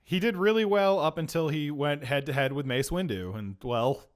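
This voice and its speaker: A man's voice: fairly high pitch, normal speed, clear, resonant tone. A man co-hosting a comedy podcast, joking and swearing in casual banter. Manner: profane, laughing, bantering.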